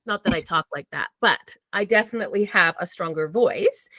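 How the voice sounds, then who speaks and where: A woman's voice: fairly low pitch, normal speed, bright, forceful tone, no echo. A woman talking candidly and casually as a podcast guest, swearing freely and acting out her own thoughts. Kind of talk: casual conversation.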